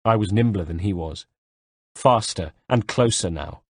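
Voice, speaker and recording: Low husky male audiobook narrator. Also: measured pace, darkish tone, no room sound, clean studio sound. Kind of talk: first-person audiobook narration.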